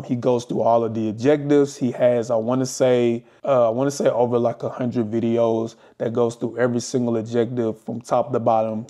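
A young adult man talking casually to camera and walking through his study experience with plenty of fillers. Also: medium pitch. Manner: relaxed, conversational, many fillers. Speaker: vlogger. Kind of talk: casual talking-head explainer.

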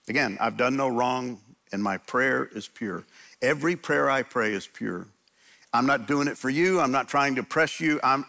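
A man's voice: mid-range voice, pushed and bright. A middle-aged male pastor giving a conversational sermon, often stammering and restarting, acting out scripture quotes with emphatic energy.

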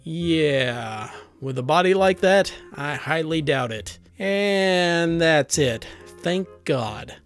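A man narrating a submitted first-person story aloud, with a steady reading delivery and dry sarcastic asides. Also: a little high, slow pace, soft background music.

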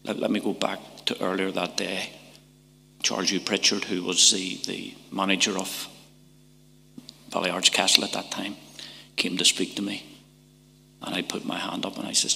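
Deep gravelly northern irish guy, middle-aged, church testimony, flat level tone, long echo from the hall. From Northern Ireland. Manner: halting and emotional, with repeated words and whispered passages. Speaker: testimony speaker.

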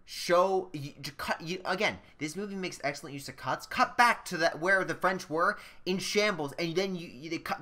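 A man's voice: on the high side, bright, forceful tone. A man reviewing a film in casual chat, critical and insistent, often restarting his sentences.

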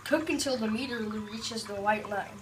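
A woman's voice: medium pitch, normal speed, background noise. A woman doing casual let's-play commentary, joking around and reading on-screen tutorial text aloud. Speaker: gameplay commentator.

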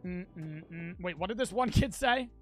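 A young man with an American accent, streaming a game live and talking to his chat, profane and quick to get frustrated. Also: sits high, animated, soft background music. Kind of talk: casual livestream gameplay chat.

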